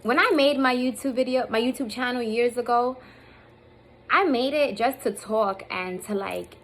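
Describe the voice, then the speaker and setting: A woman in her thirties vlogs to a phone or camera pointed at herself, her voice a little high at normal speed. The recording is rough, with slight background noise. Candid and rambling with many fillers, she is emotional and near tears at times.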